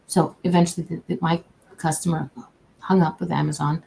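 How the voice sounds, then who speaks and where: Chatty low gravelly-voiced woman. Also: steady tone, moderate pace, long pauses, low-quality recording. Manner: chatty, folksy, warm-hearted, restarts sentences often. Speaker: customer service agent. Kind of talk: casual livestream advice talk. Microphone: own camera, streaming.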